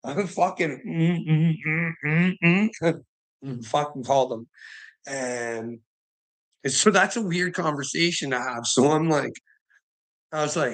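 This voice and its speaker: A man's voice: a little high, a little slow, pauses often. A man giving a rambling livestream monologue, swearing constantly, laughing often and speaking emphatically.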